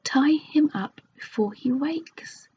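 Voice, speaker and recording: A woman's voice: sits high, expressive, slow pace, pitched above the performer's own voice. A woman whispering the lines of a big, solemn father bear with a growly manner in a whispered role-play storybook reading. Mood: urgent. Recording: dull lo-fi recording with faint hiss.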